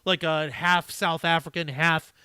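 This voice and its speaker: Profane, animated male stream host. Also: fairly high pitch, unhurried, clear, resonant tone, dry recording. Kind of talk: casual live stream chat, reading viewer comments.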